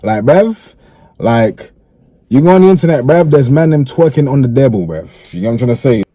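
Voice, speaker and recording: A man's voice: mid-range voice, animated, a little fast, dark tone, dry recording. A man talking casually in an interview, laid-back and full of slang, often checking that he is understood. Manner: laid-back, peppers speech with slang and "you get me" checks. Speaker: interviewee in a played clip.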